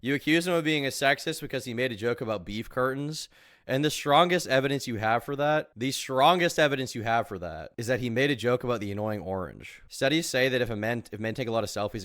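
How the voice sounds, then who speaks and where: A man's voice: medium pitch, a bit bright, no room sound, studio quality. A man streaming reaction commentary, mocking and incredulous, swearing often and breaking into laughter.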